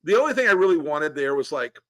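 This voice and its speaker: Sardonic Southern man, bright tense voice. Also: on the high side, very animated, fast talker, no echo. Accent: Southern American. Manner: sardonic, profane banter. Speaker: co-host. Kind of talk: casual political chat.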